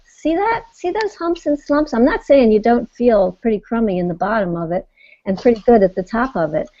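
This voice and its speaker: A woman on a writing panel, talking in an animated, teacherly and playful way. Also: on the high side, lo-fi sound. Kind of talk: casual panel talk.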